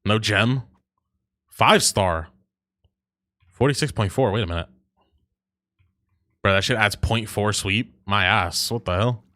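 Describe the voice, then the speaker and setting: A man's voice: on the low side, takes it slowly, long pauses, pushed and bright, no echo. A man streaming a video game, chatting casually in a profane, teasing way that often breaks into laughter. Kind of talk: casual gaming chat.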